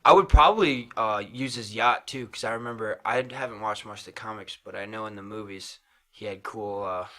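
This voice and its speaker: A young man co-hosting a casual podcast, laid-back and quick to laugh. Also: lowish voice, fairly bright tone. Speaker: podcast co-host. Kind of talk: casual chat.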